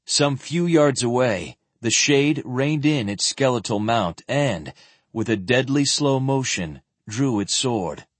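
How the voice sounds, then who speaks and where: A man narrating a fantasy audiobook in a steady, descriptive reading. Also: mid-range voice, slow, no echo.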